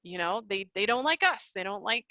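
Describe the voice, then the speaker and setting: A woman's voice: mid-range voice, animated, fairly quick, pushed and bright, no room sound, highs cut off. A woman hosting a live online class, chatty and casual, laughing often and calling her listeners y'all. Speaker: online course host. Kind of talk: live webinar teaching.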